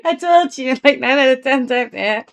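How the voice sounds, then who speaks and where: A woman's voice: sits high, animated, moderate pace, creaky. A sleepy woman streamer chatting casually with her live chat, giggling often and cooing to her pet. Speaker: Twitch streamer.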